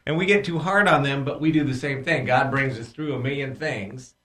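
A man co-hosting a Christian radio show, retelling Bible stories in an animated way and acting out the quotes. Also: medium pitch, a little fast. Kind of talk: Bible storytelling in radio talk. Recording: echoey room.

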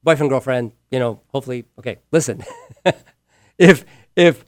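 A man preaching a sermon with real emphasis, repeating his key words and moving between loud passages and hushed ones. He asks the listeners questions directly. His voice sits at a middle pitch, and the recording is dry with no room echo. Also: moderate pace.

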